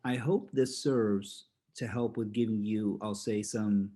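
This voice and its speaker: A man giving a motivational talk, animated, laughing often and acting out voices in his stories. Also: fairly low pitch, a little slow. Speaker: motivational speaker.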